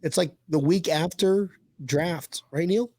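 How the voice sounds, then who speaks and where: A man's voice: fairly high pitch, a little slow, darkish tone, no room sound, studio quality. A man hosting a casual sports fan chat, joking and laughing often. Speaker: podcast host.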